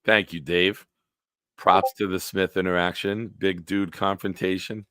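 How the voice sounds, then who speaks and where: A man's voice: low-pitched, flat delivery, measured pace, pushed and bright, no room sound, studio quality. A man hosting a casual live-stream sports talk show, ranting with lots of profanity and answering chat comments.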